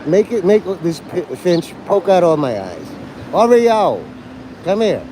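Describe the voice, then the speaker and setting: A male streamer from New York City talks to his chat in an abrasive, taunting and erratic way. His pitch swings widely up and down. A faint hum of city traffic sits behind him on the street. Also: huge pitch swings, a little slow, dark tone, poor audio. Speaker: livestreamer talking to his chat. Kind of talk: rambling live-stream chat.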